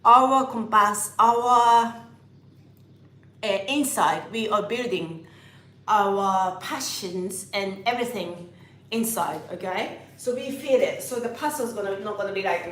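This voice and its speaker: Slow-talking woman teaching flamenco in an echoey studio. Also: mid-range voice, a bit bright. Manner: slow, patient, sings out counts and rhythm syllables. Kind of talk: dance lesson with counting and rhythm syllables. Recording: echoey room, mic far off, faint noise.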